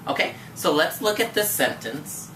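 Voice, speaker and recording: Brief: low-pitched, bright-voiced woman teacher, patient and encouraging, recorded from across an echoey room. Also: big pitch swings, normal speed. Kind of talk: one-on-one tutoring lesson. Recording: echoey room from far off, faint noise.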